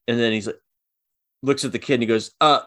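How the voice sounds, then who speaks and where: A man narrating a tabletop game as game master, casual and halting, with many fillers. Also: medium pitch, steady tone.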